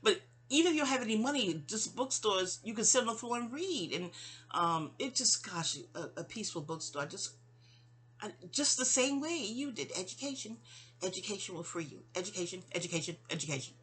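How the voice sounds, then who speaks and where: A woman from New York speaking in a rambling, digressive personal monologue addressed to her mother, full of restarts and asides, often dropping soft. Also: on the high side, animated, normal speed, breathy edge. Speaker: vlogger.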